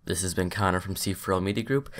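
A man reading dry scripted narration between gameplay clips in a flat, matter-of-fact way. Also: sits low, quick pace, soft background music. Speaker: video editor narrating.

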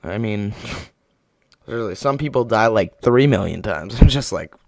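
Deadpan joking man narrating gameplay. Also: lowish voice, a little slow, creaky, no room sound. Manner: deadpan mock-serious, swings to excited outbursts. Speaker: gameplay commentator. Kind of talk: joking live game commentary. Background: game gunfire and explosions.

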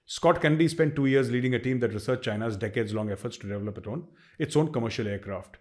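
A middle-aged man with an Indian accent delivers opinion commentary in an emphatic, forceful way. He hammers his points home through repetition. His voice sits at an ordinary mid pitch for a man. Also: fast. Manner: forceful, emphatic, repeats for stress.

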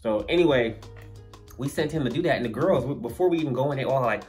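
Give me a lively young man telling a story, with faint music behind him. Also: medium pitch, quick pace. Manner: lively, slangy, laughs through the story. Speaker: storyteller vlogger. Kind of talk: casual story-time monologue.

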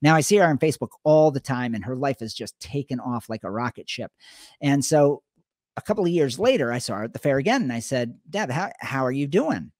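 A middle-aged man co-hosting a podcast in a casual, conversational way. He tells stories with lively retold dialogue, at a mid pitch. The recording is dry, with no room sound. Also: brisk, dry recording. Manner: storytelling, animated retelling of conversations. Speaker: podcast co-host.

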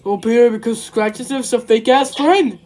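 A woman with a high voice improvises a comic role-play over chat. She talks frantically, breaking into yells and laughter. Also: moderate pace.

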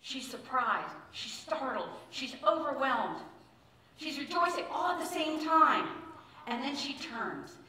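A woman pastor delivers a chatty, story-driven sermon, slipping into little acted voices for quotes. Her voice is high and bright. It rings through a reverberant church room, picked up from some distance. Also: sing-song, a little slow. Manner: conversational storytelling, acts out quotes with inflection. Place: church sanctuary.

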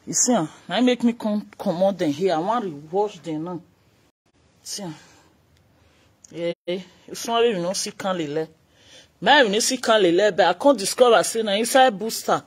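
Husky Nigerian Pidgin woman chatting slowly. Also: mid-range voice. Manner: chatty, reads viewer comments aloud, laughs often. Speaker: livestream host. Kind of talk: casual livestream chat.

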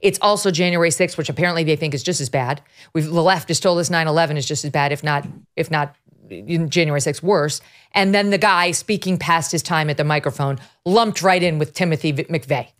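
A middle-aged woman hosting a political podcast, her voice sitting a little low for a woman. She talks in a sarcastic, mocking way, full of energy and strong opinions. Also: a little fast. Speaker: podcast host.

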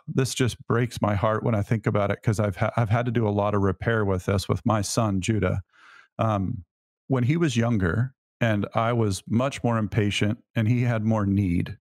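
A man's voice: fairly low pitch, no echo, clean studio sound. A middle-aged man co-hosting a faith podcast, telling a personal story in an earnest, reflective way. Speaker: podcast co-host.

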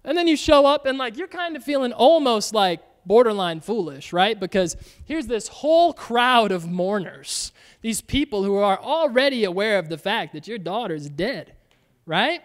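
High-voiced, chatty young male pastor. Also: normal speed. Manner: chatty and animated, says "like" and "y'all" often, acts out Bible voices. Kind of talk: casual conversational sermon.

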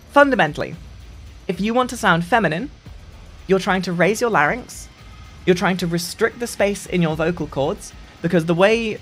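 Sing-song voice-training streamer. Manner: lively, sing-song delivery with frequent restarts, dropping into deep demo voices. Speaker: gaming streamer explaining voice training. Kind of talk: casual voice-training tutorial.

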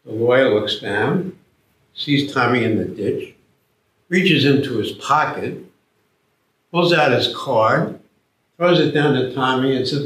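A man's voice: mid-range voice, expressive, slow, long pauses, fairly bright tone. A man giving a sermon, telling a story and acting out the voices of its characters. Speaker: preacher. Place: church. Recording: echoey church from far off.

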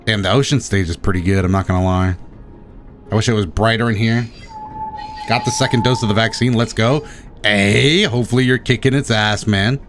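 A man streaming a game, commentating with excitement, often gasping and shouting at the creatures on screen. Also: fairly low pitch, a little fast, faint music behind. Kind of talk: excited let's-play commentary.

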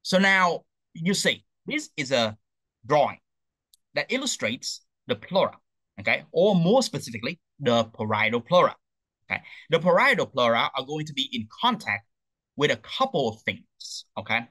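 A man's voice: medium pitch, normal speed, no room sound, poor audio. A man giving an anatomy lecture, tagging "okay?" onto points and asking rhetorical questions he answers himself. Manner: lively, repeats "okay?" to check understanding.

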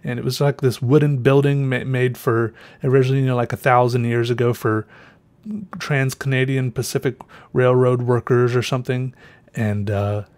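In a somewhat mellow, fairly flat mid-range voice at normal speed, this podcast host rambles through a casual story. He's a little out of breath, often self-corrects, and lets sentences trail into fillers.

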